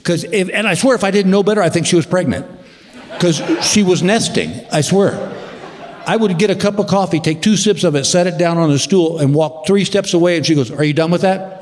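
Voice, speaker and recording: Drawling man doing stand-up on stage. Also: a little fast. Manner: drawling storyteller, mimics his wife in a higher voice. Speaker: stand-up comedian. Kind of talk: stand-up routine. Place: large theater stage. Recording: long hall reverb with loud crowd. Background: audience laughter.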